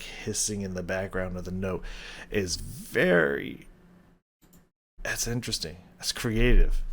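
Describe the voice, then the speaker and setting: A man's voice: fairly low pitch, a little hiss or hum. A man casually reacting to and breaking down a song, rambling with enthusiasm, humming melody bits and swearing casually. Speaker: music reaction channel host.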